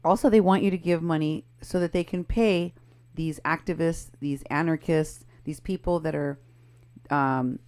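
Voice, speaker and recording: A woman's voice: low-pitched, steady tone, moderate pace, a little mellow. A woman co-hosting a casual political commentary show. She sounds pointed and critical as she walks through posts and photos. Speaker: co-host.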